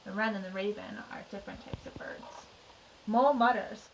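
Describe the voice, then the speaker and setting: A woman teacher reading a picture book aloud to young children, expressive and chatty with little asides. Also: mid-range voice, moderate pace, vocal fry, slight background noise. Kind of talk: children's storytime read-aloud. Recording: distant mic.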